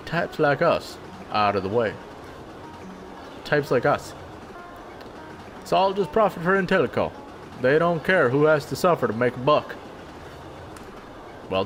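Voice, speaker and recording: A man's voice: fairly high pitch, slight background noise. A man voicing a weary male banjo player with a put-on Southern accent, grumbling in a drawl. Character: weary male banjo player, drifter, bitter about the company town.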